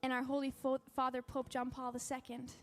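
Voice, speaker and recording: A woman's voice: high voice, monotone, brisk, faint music behind. A woman giving a personal testimony at a faith convention, telling her story with animation and acting out the quotes.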